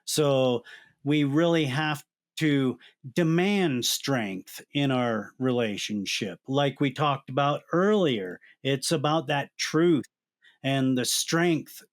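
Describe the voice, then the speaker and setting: A man hosting a podcast interview, giving earnest, deliberate advice in conversation. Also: mid-range voice. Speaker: podcast host.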